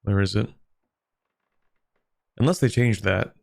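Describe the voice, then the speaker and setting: Man, streamer, low voice, gravelly, casual gameplay commentary, answers chat. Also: takes it slowly, a little mellow. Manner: chatty, thinks aloud, answers chat questions.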